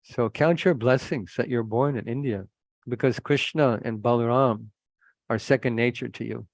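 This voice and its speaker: A man's voice: medium pitch, moderate pace, dry recording. A man preaching a sermon, earnest and admonishing, telling stories to make his points. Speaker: preacher, monk. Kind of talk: sermon with anecdotes.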